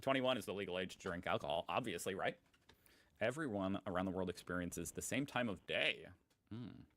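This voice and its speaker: A young man with a fairly low voice reads posts aloud and comments on them. His delivery is sarcastic and amused, in a loose, chatty way. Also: a little fast, fairly bright tone, low-quality recording. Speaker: host.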